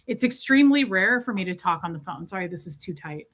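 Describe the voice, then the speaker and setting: A woman hosting a casual livestream, chatting and greeting viewers by name in quick bursts, a bit breathless in a warm small room. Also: mid-range voice, animated. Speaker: livestream host. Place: small room with door shut.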